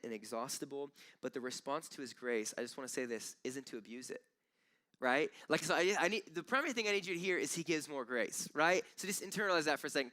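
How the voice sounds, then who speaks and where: A man's voice: medium pitch, clear, resonant tone. Man preaching a conversational sermon. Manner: conversational preaching with animated quoted voices and repeated restarts. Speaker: pastor. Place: church.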